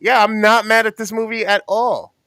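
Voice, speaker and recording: A man's voice: high voice, little pitch movement, normal speed, bright, forceful tone, dry recording. A man co-hosting a casual movie review chat, laid-back and slangy. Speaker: podcast co-host.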